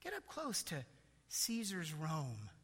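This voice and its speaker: A man delivers a sermon in a high, bright voice. He builds emphasis and slips into mocking asides. The sound rings with a long hall reverb. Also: huge pitch swings, takes it slowly, breathy edge. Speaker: preacher.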